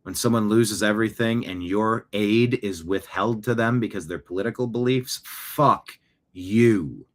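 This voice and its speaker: A man's voice: fairly low pitch, a little slow. A man hosting a political talk show, speaking emphatically and repeating phrases for effect. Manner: emphatic, repeats phrases, acts out quoted voices. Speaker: show host. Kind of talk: opinionated political commentary.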